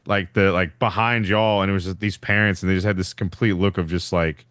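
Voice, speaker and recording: A man's voice: low-pitched, steady tone, brisk, fairly bright tone, clean tone, no echo. A man with a Southern US accent, co-hosting a podcast in casual chat, joking and swearing in short remarks. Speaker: podcast co-host.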